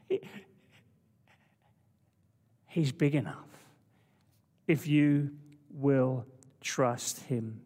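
A man preaching a sermon with passion, swinging from loud declarations to hushed, intimate asides. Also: mid-range voice, drawn-out words, long pauses, long reverb tail.

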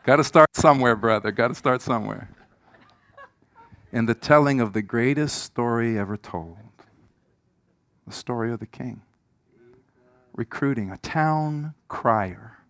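In church, a middle-aged pastor shares a personal story during his sermon. His voice moves in big swings from shouts down to hushed asides, with a touch of squeakiness in the throat.

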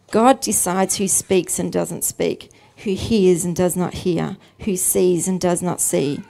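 A woman preacher, giving a calm, measured sermon as a story. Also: on the low side, vocal fry.

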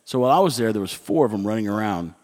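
A middle-aged man telling everyday stories in a wry, rambling, conversational way, with animated asides. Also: lowish voice, racing, big-room sound. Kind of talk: casual storytelling.

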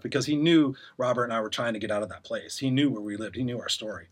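A man's voice: medium pitch, quick pace, few pauses. A middle-aged man telling a rambling personal story as an interview guest, acting out the voices of people he quotes.

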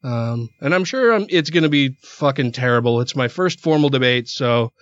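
A man's voice: mid-range voice, animated, normal speed, fairly bright tone, no echo, lo-fi sound. A man hosting a casual podcast chat, sounding stuffy from a cold, joking and swearing freely in a small studio room. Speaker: podcast host.

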